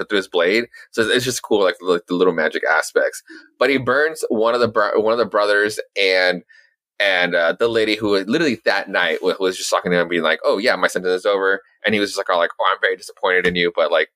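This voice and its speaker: A young man chatting casually about comics on a podcast, rambling and full of fillers and cursing. His voice sits fairly low but comes across bright and forceful. The sound is dry and close. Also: dry recording. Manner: rambling, swears a lot, many fillers and restarts. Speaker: podcast co-host. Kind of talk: casual comic book chat.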